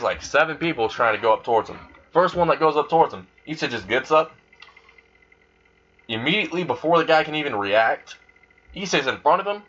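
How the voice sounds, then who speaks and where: A man's voice: mid-range voice, bright, forceful tone, a little hiss or hum. A man casually improvising a fan story, rambling and crude with lots of fillers and swearing, on a dull lo-fi recording.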